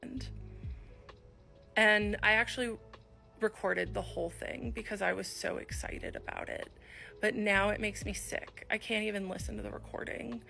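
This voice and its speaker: A woman's voice: medium pitch, fairly even intonation, moderate pace, vocal fry, bright, forceful tone, faint music behind. A woman telling a personal story in confessional style, acting out the dialogue she quotes. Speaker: video storyteller.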